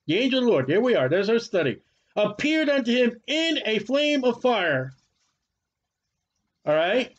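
High-voiced fiery preacher man. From United States. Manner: animated, sarcastic, preachy. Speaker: Bible teacher. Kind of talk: fiery Bible study sermon. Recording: muffled lo-fi recording.

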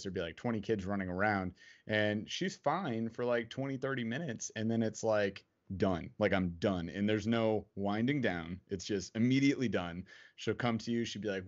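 Low-voiced guy rambling on a livestream, lots of "like", kinda dull lo-fi sound. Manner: rambling, filler-heavy, laughs often. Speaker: podcast host. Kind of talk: casual livestream chat. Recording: dull lo-fi stream audio.

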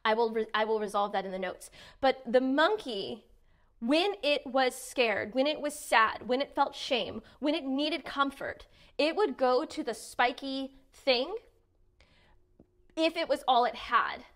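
A middle-aged woman speaks straight to her viewers with a slightly high voice. She talks earnestly, leaning hard on key words, then dropping almost to a murmur. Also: a little slow. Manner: earnest, dramatic emphasis, varies loudness widely. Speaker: self-help speaker. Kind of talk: direct-to-camera motivational talk.

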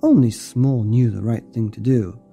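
A woman's voice: a bass voice, normal speed, vocal fry, mellow, slightly rough, soft background music, full character voice. A man voicing an earnest young storybook daughter.

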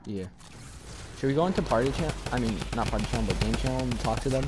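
A man chatting loudly and cursing while playing a shooter game with a friend. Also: mid-range voice, expressive, quick pace. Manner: loud, profane, goofing around while playing. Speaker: gamer. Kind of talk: casual gaming chat. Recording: game gunfire noise behind.

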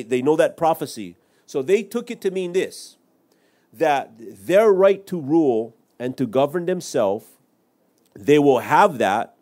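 A middle-aged man delivering a Bible-teaching sermon from the pulpit, walking through scripture verse by verse. He explains each verse in plain words and drops in the occasional aside, with a pitch that sits in the middle range. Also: a little mellow. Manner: expository preaching with scripture citations and asides. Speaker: pastor.

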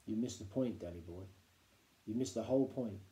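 A man voicing a mischievous, lively father who tells stories in an animated, conspiratorial way, reading a storybook aloud. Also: fairly low pitch, normal speed, echoey room, close to an everyday voice.

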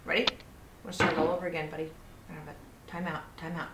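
Frustrated woman gamer, slow and lively, recorded from a distance in an echoey, noisy room. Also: on the low side. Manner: exasperated, talks to the game. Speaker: gaming video host. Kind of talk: let's play commentary.

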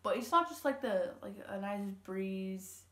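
A woman's voice: medium pitch, animated, a little slow, fairly bright tone. Teen girl, casual storytelling vlog, rambling with fillers, roomy echoey room. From Louisiana, USA. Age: teens. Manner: chatty, rambling, lots of fillers and quoted dialogue. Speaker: vlogger. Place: home room. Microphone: camera.

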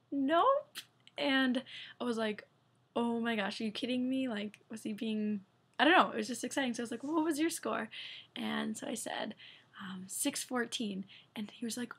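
A young woman, telling a story to her followers in a chatty, excitable way, full of fillers. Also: on the high side, gravelly. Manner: chatty, excitable, many fillers like "like" and "I don't know". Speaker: medical student vlogger. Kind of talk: casual storytelling vlog.

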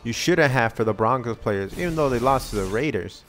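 A man casually commenting on a video game pack opening, excitable and begging the game for good pulls. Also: mid-range voice, brisk, faint music behind. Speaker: gaming channel host.

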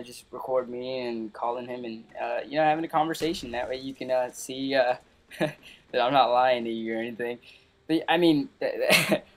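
Young male gaming host, casual update, rambling delivery with constant ums and restarts. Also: medium pitch. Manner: rambling, many fillers and restarts.

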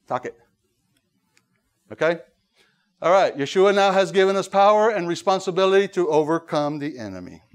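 A man with a high-pitched voice preaches a sermon to his congregation. He talks in an animated way, breaking into little acted-out voices, and often restarts his sentences with fillers. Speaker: pastor.

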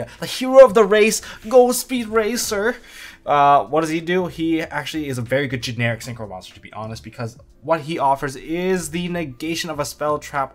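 A man's voice: mid-range voice, fairly bright tone. A man giving a casual, chatty card game set review, thinking aloud with offhand asides. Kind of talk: casual commentary.

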